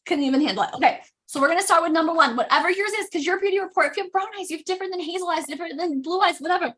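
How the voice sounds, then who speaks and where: Chatty high-voiced woman demoing makeup. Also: rapid-fire. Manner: chatty, animated, self-interrupting. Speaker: makeup demo host. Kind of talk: casual live makeup tutorial.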